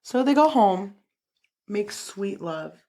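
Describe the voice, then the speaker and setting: Animated, profane woman podcast co-host. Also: medium pitch, takes it slowly. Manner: animated storyteller, blunt and profane. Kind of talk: casual book chat.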